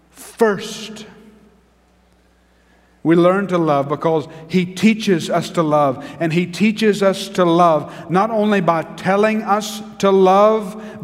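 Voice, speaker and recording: Slow, emphatic preaching man. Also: a little high, long reverb tail. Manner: preaching with emphatic repetition, dropping to a hushed tone. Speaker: pastor. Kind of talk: sermon.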